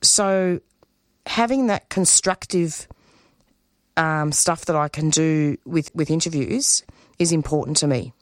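Earnest woman, low voice. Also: no room sound, studio quality. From Australia. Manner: emotional, earnest, halting with restarts. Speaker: community radio producer and host. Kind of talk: interview guest, spontaneous talk.

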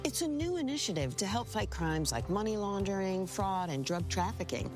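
A woman's voice: mid-range voice, big pitch swings, normal speed, natural voice. A woman playing a friendly small business owner in a scripted radio ad, speaking in an upbeat, reassuring way over background music.

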